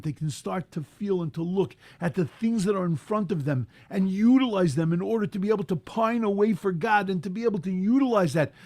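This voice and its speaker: A rabbi delivers an impassioned sermon in a high voice, recorded dry, building to loud, emphatic peaks. He weaves in Hebrew terms and translates them.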